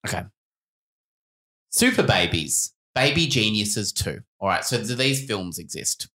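A man co-hosting a podcast, his voice swinging up and down as he cracks deadpan jokes. He teases his co-host and reads out film blurbs in a casual, joking way. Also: fairly low pitch, unhurried. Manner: playful, teasing, deadpan jokes.

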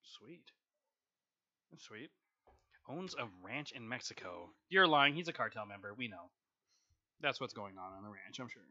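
A man's voice: mid-range voice, expressive, moderate pace, long pauses, bright, forceful tone. A man joking and teasing his co-host in a casual chat. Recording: slightly dull lo-fi sound.

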